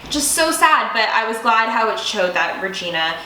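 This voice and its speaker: A woman's voice: on the high side, big pitch swings, moderate pace, pushed and bright. A young woman co-hosting a casual TV review chat, gushing and giggly, swearing casually. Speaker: co-host. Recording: echoey room with faint hiss.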